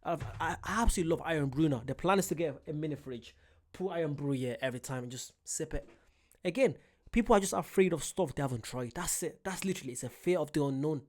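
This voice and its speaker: Brief: male reaction host, slightly high voice, animated, rambling, self-interrupting. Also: quick pace. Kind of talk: casual reaction chat.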